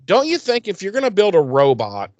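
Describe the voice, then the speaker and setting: Profane, animated podcast host man. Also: high voice, fairly quick, no room sound, dull audio. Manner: profane, animated, acts out characters' lines. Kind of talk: casual chat recapping a TV episode.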